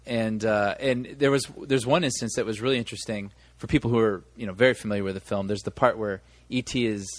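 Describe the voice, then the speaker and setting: A man's voice: lowish voice, fairly even intonation, quick pace, no echo. Rambling male podcast co-host. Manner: rambling storyteller, many restarts. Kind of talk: casual chat.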